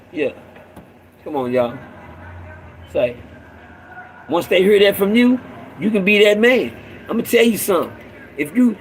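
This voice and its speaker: A middle-aged man, a father speaking to other fathers, delivering an impassioned street-sermon monologue that repeats itself and swings between raised urging and a low growl. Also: a little hiss or hum, poor audio.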